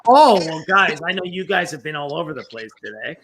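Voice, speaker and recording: Blunt, lively stream host man. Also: on the high side, fairly quick, crowd noise. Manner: blunt, swears freely. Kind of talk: casual livestream chat.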